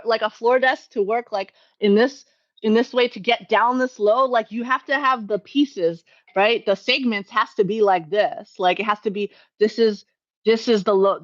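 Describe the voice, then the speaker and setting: A woman's voice: on the high side, lo-fi sound. A woman hosting a casual live Q&A from home, rambling and correcting herself, laughing often as she talks to her chat. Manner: rambling, self-correcting, chatty with frequent laughs. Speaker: livestream host.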